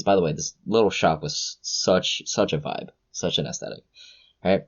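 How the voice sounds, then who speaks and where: A young man hosting a casual podcast chat, an excitable storyteller who gushes with exclamations. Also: low-pitched, normal speed, muffled recording. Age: young adult. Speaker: podcast host.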